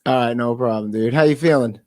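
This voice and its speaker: A man's voice: mid-range voice, quick pace, a little mellow. Joking, rambling male podcast host. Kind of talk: casual chat.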